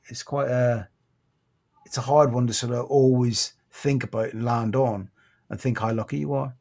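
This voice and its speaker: British man, 50s, ex-Royal Marine guest, halting, sombre, occasionally choked up. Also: mid-range voice, darkish tone. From Britain. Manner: halting, restarts often, sombre recounting. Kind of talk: podcast interview storytelling.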